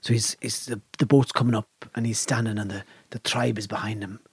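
An Irish man, a podcast co-host, retelling an old legend in a hushed, measured way with dramatic pauses. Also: lowish voice, steady tone, husky, dry recording. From Ireland. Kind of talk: casual storytelling.

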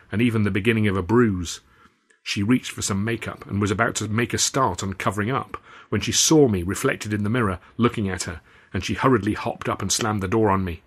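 Husky guy reading his own novel, lowish voice, measured and wry. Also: a bit bright. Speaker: author and narrator. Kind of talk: first-person audiobook narration.

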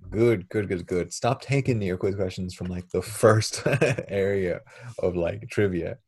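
Irish man, husky voice, dry close sound, casual podcast chat. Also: sits low, a little slow, a little mellow, no echo. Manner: chatty, laughs often, swears lightly. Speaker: podcast co-host.

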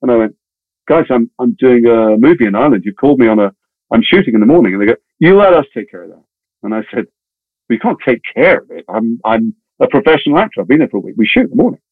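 A man's voice: mid-range voice, husky, no room sound. A man, an actor, telling a long showbiz anecdote in casual interview chat and acting out the other voices in his story. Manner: fast, animated storytelling with voiced quotes. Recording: tinny phone-like audio.

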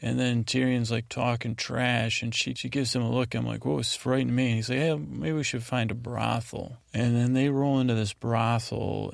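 Male podcast host, flat gravelly delivery, meandering sleepy recap, dry close sound. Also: medium pitch, dry recording. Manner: meandering, halting, full of fillers; paraphrases scenes in casual voices.

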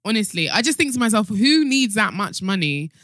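A woman hosting a podcast, opinionated and laughing often, slowing down to make her points in casual chat. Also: mid-range voice, big pitch swings, a bit bright, dry recording, clean studio sound. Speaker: podcast host.

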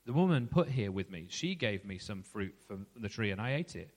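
The first man, ashamed and quick to make excuses, read by a man. The voice stays close to his own. Long hall reverb trails behind. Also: on the low side, sing-song. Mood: sheepish.

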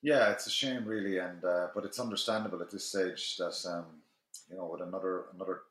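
Very deep-voiced pundit in an echoey room. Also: male voice, steady tone, fairly quick, a bit bright. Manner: hesitant, many fillers. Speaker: rugby pundit. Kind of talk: podcast discussion.

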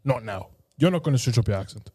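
A man with an Irish accent in a casual group chat, animated, with hesitant starts and frequent checks of "yeah?". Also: medium pitch, fast, breathy edge.

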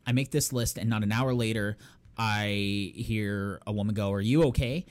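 A young man tells a story on a casual podcast, in a somewhat low voice. He is animated, jumps into acted-out quotes and laughs along the way. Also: normal speed. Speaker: podcast co-host.

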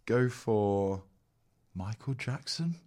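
A man's voice: on the low side, expressive, slow, mellow. A man co-hosting a casual podcast, laughing a lot and swearing freely. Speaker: podcast co-host. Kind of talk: casual chat.

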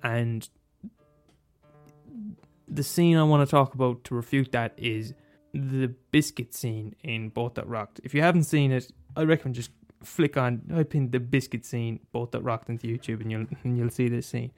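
A man's voice: medium pitch, fairly even intonation, moderate pace, a little mellow, soft background music. A man talking casually about a favourite film, rambling and restarting, swearing and laughing as he goes. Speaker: film commentator. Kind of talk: casual monologue.

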